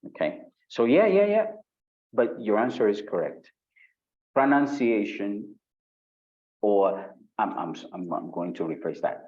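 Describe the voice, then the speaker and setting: A man with a low voice leads a live online exam-prep session. He talks lively, asks the audience questions and reads their chat comments aloud. The sound is dull, lo-fi stream audio. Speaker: IELTS instructor. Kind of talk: live online webinar lesson.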